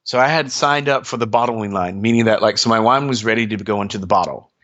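A man being interviewed, telling stories in a casual, animated way with lots of fillers and sudden jumps in pitch. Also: fast, lo-fi sound. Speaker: interview guest. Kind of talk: casual storytelling.

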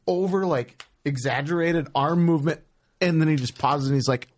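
A man, a former platoon member, telling an old story in a halting way and repeating words as he starts. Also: on the high side. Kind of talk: casual storytelling.

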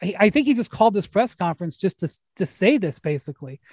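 A man's voice: high-pitched, sing-song, fast, a little mellow, dry recording, studio quality. A man hosting a casual sports chat, telling stories in a rambling way with many restarts and laughs. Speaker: podcast host.

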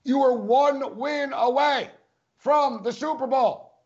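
High-voiced emphatic sports talker, a man. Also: slow pace, a little mellow, muffled recording. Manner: emphatic, repeats points for stress. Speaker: sports podcast co-host. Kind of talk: casual sports talk.

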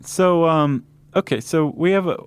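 A man's voice: fairly high pitch, normal speed, smooth. Man co-hosting a loose chatty podcast. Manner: loose, joking, many fillers and restarts. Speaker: podcast co-host. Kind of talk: casual chat.

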